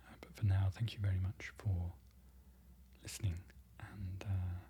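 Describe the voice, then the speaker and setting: Low, mellow whispering male ASMR voice. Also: little pitch movement, slight background noise. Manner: slow, careful repeating of foreign phrases; self-correcting, apologetic learner. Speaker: ASMR creator learning a language. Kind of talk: soft-spoken ASMR, often whispered.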